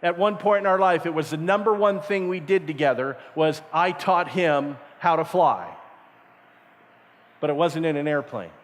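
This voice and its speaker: A man's voice: a little high, moderate pace. A middle-aged man giving a camp sermon, telling stories and acting out the voices in them. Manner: acts out voices in his stories, animated. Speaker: camp speaker. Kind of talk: storytelling sermon. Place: camp meeting hall. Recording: reverberant hall.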